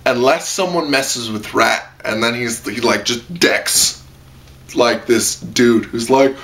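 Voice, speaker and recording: A young man giving a casual, rambling anime review from a room at home, excitable and full of "like" and squealed impressions. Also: mid-range voice, takes it slowly. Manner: rambling, excitable, lots of "like" and squealed quoted voices.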